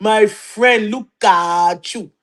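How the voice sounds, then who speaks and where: A woman putting on a mocking accented auntie. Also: mid-range voice. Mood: teasing. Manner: drawn-out teasing, repeating phrases slowly.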